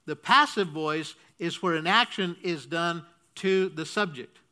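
A pastor teaches through his sermon step by step, asking the congregation to repeat after him and checking in with frequent "okay?"s. His voice is fairly high, pushed and bright, and he speaks a little slowly.

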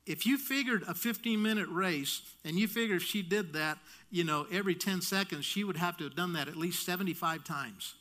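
A man preaching a sermon, telling a story in an animated way with frequent restarts and touches of humor. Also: high-pitched, a little fast, few pauses.

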